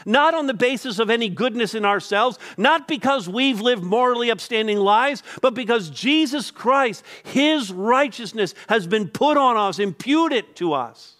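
A high-pitched man delivers a sermon as pastor, preaching with emphasis. He slows down to stress key phrases and often repeats words as he builds each point. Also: expressive, a bit bright.

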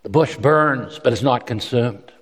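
A preacher with a middle-range pitch gives a sermon at a slightly slow, easygoing pace, thinking aloud and stumbling over and repeating words. He raises his voice to act out quotes from his story, and a long hall reverb trails after him.

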